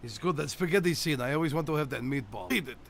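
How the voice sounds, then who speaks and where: A man's voice: on the high side, animated, quick pace, creaky, a bit bright, a little hiss or hum. A man playing a boastful, teasing 212-year-old theme-park host who runs a comedic game show. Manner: brash, teasing, theatrical.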